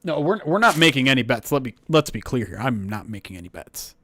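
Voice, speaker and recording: A man hosting a livestream, casually calling a simulated football game and chatting with viewers, breaking into loud excited outbursts. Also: medium pitch, brisk, no room sound, clean studio sound. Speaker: livestream host. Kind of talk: casual play-by-play and chat.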